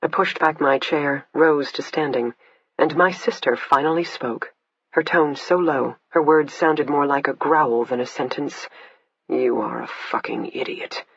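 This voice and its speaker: A man with a husky voice reading a first-person thriller as steady scripted narration. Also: fairly high pitch, a little slow, no echo. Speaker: audiobook narrator. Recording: dull lo-fi, dry.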